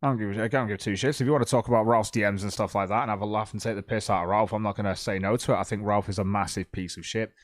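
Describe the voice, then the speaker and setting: A man's voice: on the low side, steady tone, racing, few pauses, dry recording, clean studio sound. A man streaming live, chatting casually in a rambling way with a lot of swearing and stumbling. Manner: rambling, profane, hesitant.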